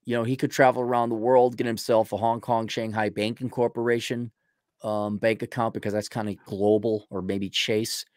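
A man's voice: fairly low pitch, flat delivery, normal speed, a little mellow, no room sound, clean studio sound. A man co-hosting a livestream, joking around casually and trailing off as he thinks aloud. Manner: playful, jokey, trails off while thinking. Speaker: livestream co-host.

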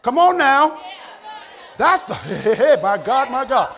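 A male pastor with an American accent preaching a sermon, often shouting and stretching out his words. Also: extremely high pitch, big pitch swings, a faint crowd. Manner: preaching with shouted, drawn-out exhortations. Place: church sanctuary.

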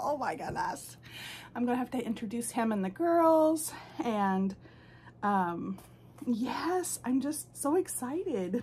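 A woman hosting her doll channel, who gushes with excitement and coos to her dolls. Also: on the high side, slow, husky. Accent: American. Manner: gushing, excitable, lots of "oh my goodness"; baby talk to her dolls. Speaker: reborn doll channel host. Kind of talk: unboxing vlog chat.

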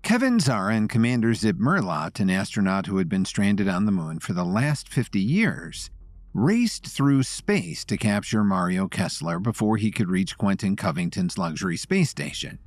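A male narrator reads a scripted story in a low, animated voice that moves freely up and down. The recording is dry and close-miked. Faint music plays underneath. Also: normal speed, dry recording.

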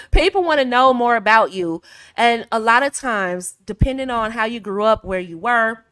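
A woman's voice: fairly high pitch, animated, normal speed, a bit bright, smooth, dry recording. Southern woman chatting advice to camera, laughs a lot, dry close mic. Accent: Southern American. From American South. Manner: chatty, laughs often, acts out quoted phrases. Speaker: video host. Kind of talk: casual advice talk.

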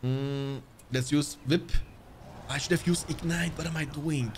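A man giving live commentary on his own strategy game as a streamer, addressing viewers as "boys" and swinging from muttering to yelling at the screen. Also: a little high, fairly even intonation, unhurried, slight background noise. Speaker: gaming streamer.

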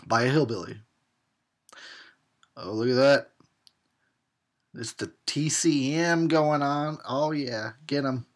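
A man's voice: mid-range voice, slow pace, long pauses. A man giving a tipsy, sarcastic commentary on a horror film, laughing and swearing as he goes. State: tipsy from drinking.

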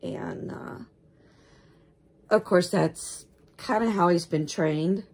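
A woman chatting casually to camera about her dolls, slow and unhurried. Her voice is gravelly and husky, with a rambling, homespun way of talking that breaks into gushing gasps. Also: lowish voice, a little mellow. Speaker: doll collector vlogger.

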